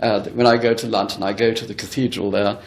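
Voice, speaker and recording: A man's voice: lowish voice, little pitch movement, fast talker, creaky. A man giving a spiritualist lecture as a medium, telling a story earnestly and emphatically to a live audience. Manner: earnest, emphatic, often addresses the audience directly. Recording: echoey hall recording.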